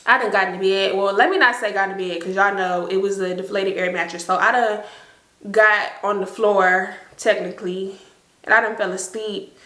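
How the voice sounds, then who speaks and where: A young woman, telling an animated, slangy storytime to her viewers. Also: medium pitch, moderate pace, reverberant. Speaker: storytime vlogger. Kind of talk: casual storytime.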